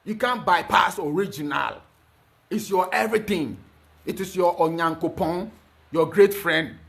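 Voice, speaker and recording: A man with a high voice delivers a fervent spiritual talk. He lectures emphatically and keeps stumbling over repeated fillers before pushing on. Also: fairly bright tone. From Ghana. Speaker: spiritual teacher.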